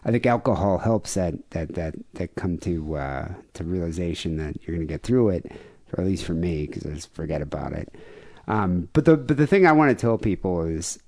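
Low-voiced man telling a rambling story. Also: animated, a little fast, a little mellow. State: grieving. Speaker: podcast co-host. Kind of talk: casual chat.

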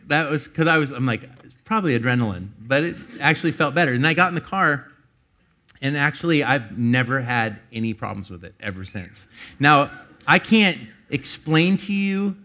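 A pastor with a medium-pitched, slightly bright voice tells a personal story during a sermon. He rambles, often restarting and laughing.

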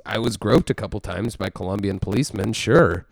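Texas-raised male podcast co-host, low gravelly voice, rambling self-deprecating banter, dry close sound. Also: brisk, dry recording. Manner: rambling, self-mocking, many fillers and restarts. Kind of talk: casual music podcast chat.

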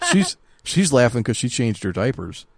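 Gravelly, dry-witted podcast man. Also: mid-range voice, sing-song, normal speed, no room sound. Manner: dry teasing remarks, brief replies. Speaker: podcast co-host. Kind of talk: casual chat.

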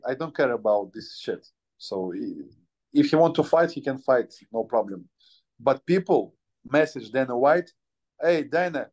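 A man in his twenties, a native Russian speaker, talking in halting, broken English as an interview guest and often pausing to search for words. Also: medium pitch, a little mellow. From Ukraine. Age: 20s. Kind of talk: casual interview.

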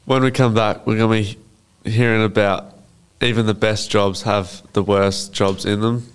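A teenage man co-hosting a casual student podcast and telling short jokes in a deadpan way. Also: lowish voice, moderate pace, clear, resonant tone.

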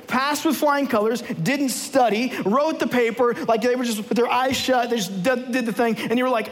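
A guest preacher gives a humorous, conversational sermon before a live audience in a large church hall, playfully acting out everyday scenes. His voice is extremely high-pitched at a normal speed, with long hall reverb.

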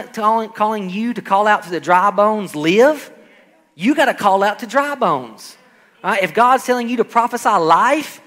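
A man's voice: high-pitched, a bit bright. A man preaching a sermon, emphatic, calling out to his congregation and acting out quoted voices. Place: church hall. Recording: echoing hall with faint music.

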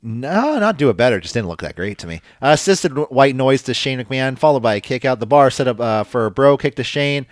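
A man co-hosting a casual podcast, recapping matches in an animated, swearing way. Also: mid-range voice, brisk, hardly any pauses, no room sound, clean studio sound. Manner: animated, swearing, puts on mocking voices. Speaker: podcast co-host recapping wrestling. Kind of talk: casual chat.

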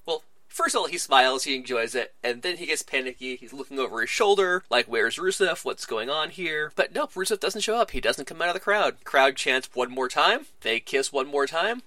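A fairly high-voiced man hosts a wrestling podcast, recapping a show in a casual, animated way and acting out the wrestlers' lines as he goes. The recording is dry.

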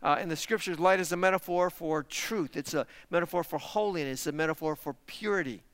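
A man delivers a church sermon, driving his points home with repeated questions and sudden emphatic rises. His voice sits high and sounds sharp and bright. The sound is dry and close, with no room echo. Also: fairly quick. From parents lived in Texas. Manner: emphatic preaching with rhetorical questions. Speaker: pastor.

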